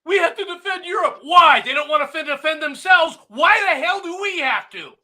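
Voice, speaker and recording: Sex: man. Role: political talk host. Style: angry ranting commentary. Pitch: high, very lively. Tone: bright. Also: normal speed. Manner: angry, sarcastic, mocking, often shouting.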